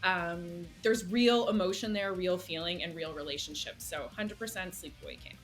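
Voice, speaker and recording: A woman's voice: fairly low pitch, moderate pace, faint music behind. A woman on a podcast panel stating her pick confidently and bluntly. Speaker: panel guest. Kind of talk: casual panel chat.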